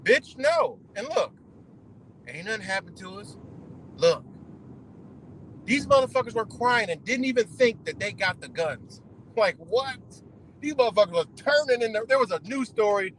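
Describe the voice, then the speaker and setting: A man's voice: sits high, lively intonation, normal speed, long pauses, slight background noise, poor audio. A man hosting a livestream, ranting casually in a rambling, profane, emphatic way. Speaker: livestream host.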